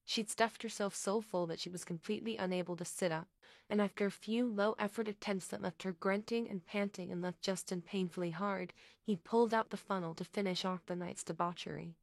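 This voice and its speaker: A woman narrating a story in a steady, even reading. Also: mid-range voice, fairly quick, gravelly, dry recording.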